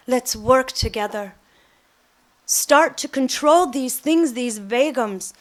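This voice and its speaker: Animated high-voiced woman giving a spiritual talk. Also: slow pace. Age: middle-aged. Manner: animated storytelling, acts out quotes. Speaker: devotional speaker. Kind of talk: spiritual talk with personal stories.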